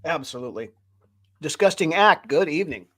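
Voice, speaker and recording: A man's voice: on the high side, lively intonation, fairly quick, sharp tone. A man hosting a casual sports chat, thinking aloud in a rambling way as he goes. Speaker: podcast host.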